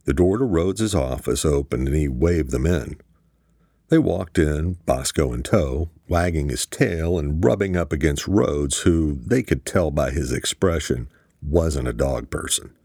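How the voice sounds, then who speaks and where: A man narrating a thriller audiobook in a steady storytelling manner. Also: a bass voice, a little slow, no echo, clean studio sound.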